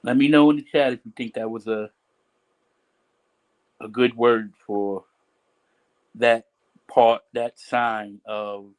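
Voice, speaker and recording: Male stream host, slow and repetitive, chatty and casual. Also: medium pitch, fairly even intonation, poor audio. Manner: slow, repetitive, drawn-out talk with many restarts. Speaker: livestream host. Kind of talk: casual livestream chat.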